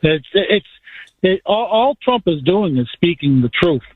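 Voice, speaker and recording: A man's voice: high-pitched, sing-song, unhurried, no echo. Guy calling in over a phone line, tinny sound, earnest, keeps restarting. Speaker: caller. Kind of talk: call-in on talk radio.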